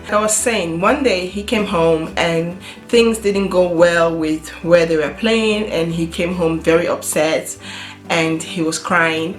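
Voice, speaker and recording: A woman's voice: medium pitch, normal speed, fairly bright tone. A middle-aged woman from Africa talking earnestly to camera in a casual vlog, often repeating and restarting her phrases. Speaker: vlogger. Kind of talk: casual personal talk to camera. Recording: roomy echo with faint guitar music.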